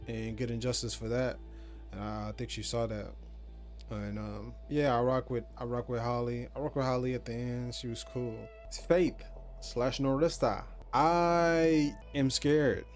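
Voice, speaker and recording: A man's voice: medium pitch, darkish tone. A man giving a loose, slangy, rambling game review, swearing freely as he talks through the characters. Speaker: gaming YouTuber. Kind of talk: casual game review vlog.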